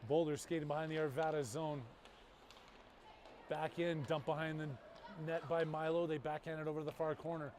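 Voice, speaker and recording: A man calling a youth hockey game live, moving from rapid play-by-play to jokey banter with his co-host. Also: fairly high pitch, little pitch movement, darkish tone, slight background noise. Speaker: play-by-play commentator.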